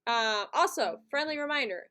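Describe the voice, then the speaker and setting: A woman hosting a live stream from her home setup, talking casually to her viewers. She is chatty and laughs easily. Her voice sits a little high for a woman. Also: animated, normal speed, sharp tone. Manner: chatty and giggly, talks to chat.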